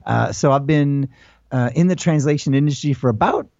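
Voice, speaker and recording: American man with a dark, muffled voice. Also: medium pitch, moderate pace, gravelly, no room sound. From United States. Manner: rambling, full of restarts and fillers. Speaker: guest. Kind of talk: casual interview talk.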